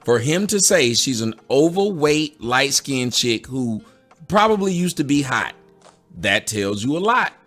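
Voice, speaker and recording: A woman's voice: a bass voice, very animated, unhurried, a bit bright, soft background music. A woman giving sarcastic, indignant reaction commentary. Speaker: commentator answering a critic.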